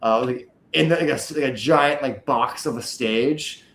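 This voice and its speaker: A man's voice: medium pitch, moderate pace, a bit bright, a little hiss or hum. A man co-hosting a casual podcast chat, rambling and swearing, laughing often. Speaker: podcast co-host. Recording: echoey room.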